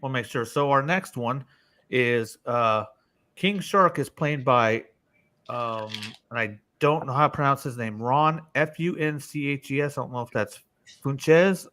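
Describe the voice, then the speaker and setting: A man's voice: mid-range voice, a little slow, pushed and bright. A man hosting a casual live-stream panel discussion, loose and swearing freely, calling on each panelist by name.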